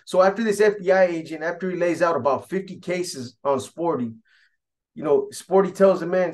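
A storyteller recounts events from prison in a loose, rambling style of casual street talk, padding his sentences, circling back to repeat himself, and saying "you know" often. His darkish voice sits a touch higher than most men's, and he speaks fairly quickly.

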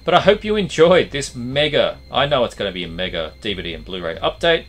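A man hosting a casual collection update vlog, his voice going hoarse, rambling with lots of fillers. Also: mid-range voice, a little fast, faint music behind. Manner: rambling, animated, trailing fillers.

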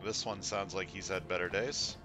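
A man's voice: sits low, steady tone, moderate pace, over loud music. A man hosting a let's play, making sarcastic jokes as he comments on the game. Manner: sarcastic, joking. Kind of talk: casual gameplay commentary.

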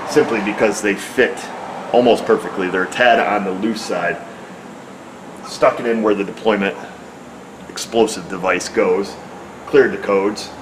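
At the vehicle in a car repair shop, an auto repair technician explains a repair step by step in a plain, hands-on way. His voice sits fairly low, with background noise around him.

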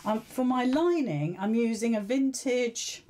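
A woman's voice: fairly high pitch, animated, measured pace, dark tone. A woman hosting a live sewing tutorial, chatting casually, thinking aloud and asking her viewers questions.

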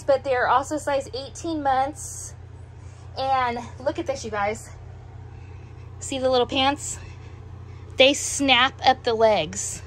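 A middle-aged woman with heavy breathing after a meal, chatting in an unhurried, musing way as she shows off a clothing haul at home. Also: high voice, fairly bright tone. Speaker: doll collector showing a clothing haul. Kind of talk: casual show-and-tell vlog.

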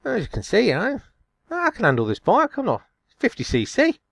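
Chatty man, lively pitch. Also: brisk, creaky, dry recording. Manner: jokey, chatty, self-mocking. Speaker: gameplay commentator. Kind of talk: casual gameplay commentary.

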